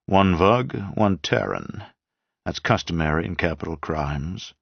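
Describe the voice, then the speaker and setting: Male narrator plays a firm, efficient attorney in an audiobook; low voice, dry recording. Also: lively intonation, unhurried, gravelly, husky, dry recording, full character voice. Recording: dull dry lo-fi sound.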